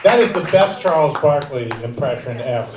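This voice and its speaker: Male comedy teacher hosting live; bright announcing, heard from far back with heavy crowd noise. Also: a little high, lively intonation, a little fast. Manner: upbeat, announcing names with emphasis. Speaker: comedy class teacher and emcee. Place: comedy theater stage. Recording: echoey stage from far, loud crowd and noise.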